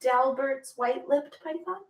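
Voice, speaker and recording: A woman's voice: high-pitched, measured pace, distant mic. A woman co-hosting a casual livestream, reading viewer questions aloud with light ums. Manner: reads comments aloud, light filler ums. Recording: echoey room.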